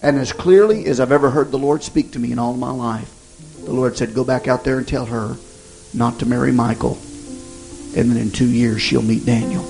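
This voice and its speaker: A man, an evangelist, telling a personal testimony in a folksy, halting way with many restarts. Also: mid-range voice, creaky, rough recording. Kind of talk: sermon testimony storytelling. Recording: music playing behind the voice.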